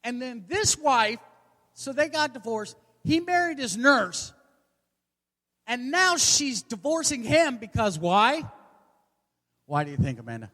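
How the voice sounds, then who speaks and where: A man's voice: extremely high pitch, big pitch swings, measured pace, pauses often, pushed and bright. A man in his forties doing a stand-up comedy set, delivering brash, profane, self-mocking punchlines. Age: 40s. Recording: long hall reverb.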